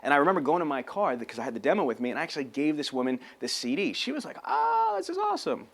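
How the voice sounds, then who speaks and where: A man giving an energetic sales training talk on camera, telling stories and acting out phone calls. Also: medium pitch, racing. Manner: animated storyteller, acts out phone calls.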